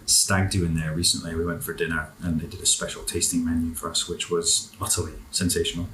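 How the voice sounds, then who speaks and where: Man, low voice, relaxed interview guest talking food between bites, faint background hiss. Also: quick pace, poor audio. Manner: relaxed, enthusiastic about food, talks while eating. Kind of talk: casual interview chat.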